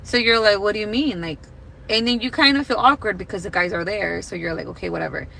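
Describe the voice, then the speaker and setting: A woman's voice: medium pitch, fast talker, creaky, sharp tone, a little hiss or hum, rough recording. A woman on a podcast telling a long story in casual chat, full of "like", acting out what people said. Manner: rambling, heavy use of "like", acts out quoted dialogue. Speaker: podcast co-host.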